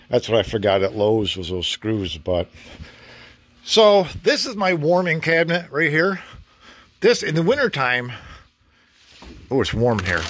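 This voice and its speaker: A man's voice: mid-range voice, fairly bright tone, slight background noise. A man casually vlogging a home-improvement project in his garage, rambling and chatty with mild cursing. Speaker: DIY vlogger.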